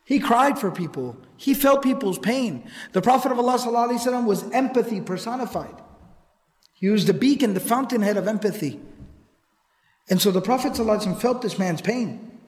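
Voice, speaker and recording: Guy giving a sermon, tells the story with lots of repeating, drops in arabic quotes, kinda high voice. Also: animated, quick pace. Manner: retells narrations with repetition, quotes Arabic recitations. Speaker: preacher. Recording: echoey hall with long reverb.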